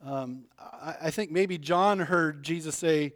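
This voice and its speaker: A man preaches a sermon with a slightly high, somewhat bright voice at a slow pace. He retells a Bible story conversationally, acting out the characters' lines and chuckling along the way.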